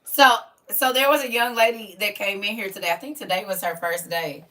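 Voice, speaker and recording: Sassy woman host, bright voice. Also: mid-range voice, brisk, distant mic. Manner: sassy, teasing, preachy, loud bursts of scolding. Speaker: livestream host teaching a class. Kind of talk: casual livestream chat reading comments.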